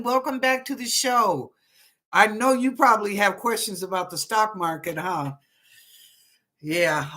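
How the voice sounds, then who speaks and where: Bright-voiced woman hosting psychic readings. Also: fairly high pitch. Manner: greets viewers by name, chatty and warm-toned. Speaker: psychic reader and show host. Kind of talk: casual live-stream chat and readings.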